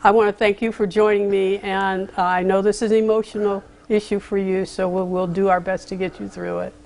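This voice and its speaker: A woman host asking measured, formal questions in a TV interview. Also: medium pitch, level tone, a little mellow, slight background noise.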